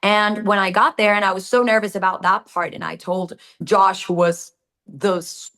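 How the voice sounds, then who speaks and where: A woman's voice: medium pitch, moderate pace. A woman with a Latin American Spanish accent, a native Spanish speaker, telling stories animatedly in an interview and acting out quotes. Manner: animated storytelling with acted-out quotes. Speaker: actress guest. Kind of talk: casual interview answers.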